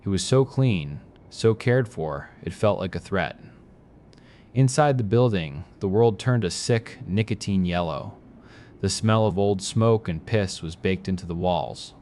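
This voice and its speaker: A man reads a horror story in a very deep voice. His delivery is measured and grim, with a faint hiss of noise behind him. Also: a little mellow. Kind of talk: scripted horror narration.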